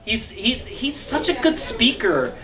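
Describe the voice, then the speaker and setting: Male stand-up comic, unhurried, filler-heavy, giggles at his own jokes. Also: extremely high pitch, big pitch swings, a crowd in the background. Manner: halting delivery full of fillers, laughs at his own jokes. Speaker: stand-up comedian and show host. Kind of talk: stand-up comedy.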